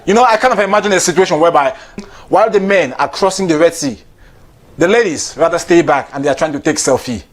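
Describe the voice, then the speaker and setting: A man's voice: a little high, quick pace. A comedian host delivering a playful comic monologue and often laughing through his lines. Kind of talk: stand-up style comic monologue.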